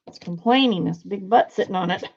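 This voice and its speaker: A woman's voice: medium pitch, fairly quick, vocal fry, darkish tone, dull audio. A woman hosting a casual crafting video from her home studio, chatting and muttering to herself as she works. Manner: mutters and whispers to herself while working. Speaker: crafting channel host. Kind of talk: casual crafting chat while working.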